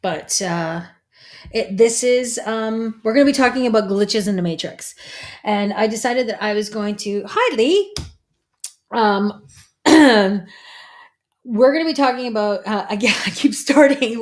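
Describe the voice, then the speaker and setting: A woman's voice: fairly high pitch, expressive, unhurried. A woman, a psychic medium, hosting a casual livestream in a chatty, rambling way and greeting viewers by name.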